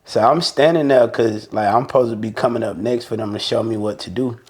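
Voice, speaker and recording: A man from Mobile with a Southern Alabama accent, guest on a podcast, telling a story in a casual, animated way and acting out the quotes with profane slang. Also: mid-range voice, fairly quick, husky.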